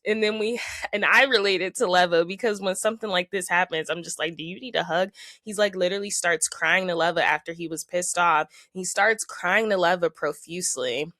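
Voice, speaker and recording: Chatty low-voiced woman recapping reality TV. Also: a little fast, pushed and bright, dry recording. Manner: chatty gossip, frequent "like" and quoted asides. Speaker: podcast host.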